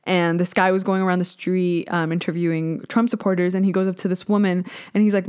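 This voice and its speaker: A young woman hosting a solo podcast, talking in a blunt, casual, animated rant with plenty of swearing. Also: fairly low pitch, quick pace, hardly any pauses, clear, resonant tone. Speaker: podcast host.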